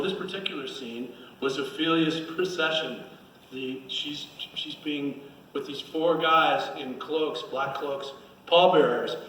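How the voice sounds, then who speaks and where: A man's voice: medium pitch, fairly bright tone. A man from Connecticut telling self-mocking stage anecdotes at a fan Q&A, rambling and restarting as he goes. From Connecticut, USA. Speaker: guest actor at a fan Q&A. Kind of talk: casual storytelling on stage. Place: convention hall stage. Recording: echoey hall, distant mic, faint noise.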